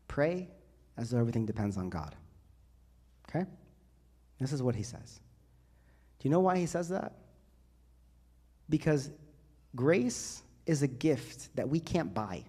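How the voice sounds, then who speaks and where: Priest preaching with rising emphasis. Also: male voice, mid-range voice. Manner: builds to loud, rising emphasis in repeated phrases. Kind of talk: sermon to a youth group. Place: church.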